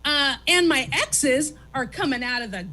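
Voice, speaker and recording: Brief: woman talk-show host, high and lively, swearing, animated stage rant. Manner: animated, profane, rapid-fire ranting. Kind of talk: stand-up style chat on stage. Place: comedy theater stage.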